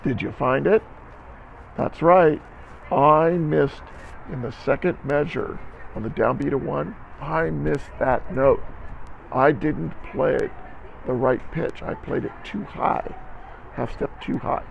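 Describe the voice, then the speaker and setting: A man's voice: on the high side, slow, gravelly, highs cut off, a little hiss or hum. A man teaching a band lesson on video, counting aloud and coaching students, often checking in with "okay?". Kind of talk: instructional music lesson video.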